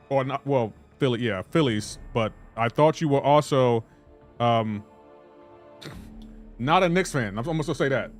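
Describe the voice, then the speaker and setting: Streaming a game live, a man with a fairly high, animated voice chats casually and bristles with playful indignation as he banters with his chat. He talks at a normal speed, pauses often, and faint music plays in the background.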